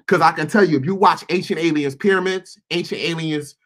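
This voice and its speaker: A man delivering an impassioned monologue to his viewers, shouting, swearing and repeating himself. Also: fairly quick. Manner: calmer, lower and quieter.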